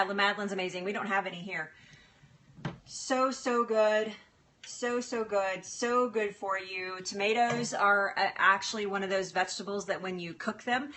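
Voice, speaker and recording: A woman's voice: mid-range voice, a bit bright, slight background noise. A woman hosting a casual cooking livestream in a home kitchen, chatty and laughing often as she talks to viewers by name.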